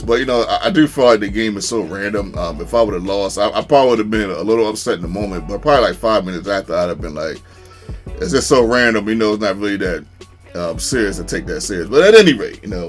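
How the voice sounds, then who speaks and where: Gaming YouTuber, male, easygoing chatter with frequent laughs, middle pitch, faint music bed. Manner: laid-back, laughs often, excited yelps at big plays. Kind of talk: casual game commentary.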